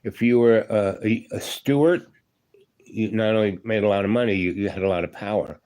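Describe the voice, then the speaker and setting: A man's voice: on the low side, brisk, a little mellow. A man in his seventies, a former union electrician, telling a long story in a rambling, casual way and tossing in "you know" and "right?". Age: 70s.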